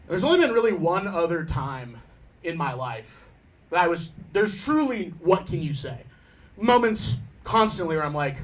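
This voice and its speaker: A young man in his twenties on a comedy club stage, delivering a stand-up set into a handheld mic. His voice sits a touch high, and he talks in an easy, conversational way. He slips between dry, deadpan asides and loud bursts where he laughs through his own lines. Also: normal speed, a little hiss or hum. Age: 20s. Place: comedy club stage before a live audience.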